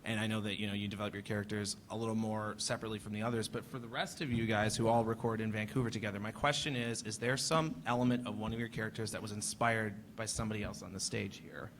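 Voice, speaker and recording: Bright-voiced male panel moderator. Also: on the low side, steady tone, fast, hardly any pauses, slight background noise. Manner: hesitant, restarts often. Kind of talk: convention panel questions.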